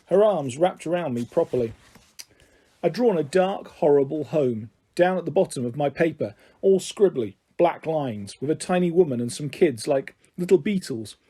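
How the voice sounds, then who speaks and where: A man's voice: on the high side, dark tone, slightly rough. A man reading a children's novel aloud, giving each character a slightly different voice. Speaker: storyteller.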